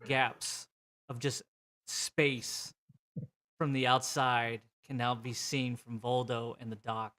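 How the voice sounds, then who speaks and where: A man's voice: mid-range voice, little pitch movement, slow, bright, forceful tone. A man narrating a tabletop role-playing game as game master, describing scenes vividly with frequent fillers.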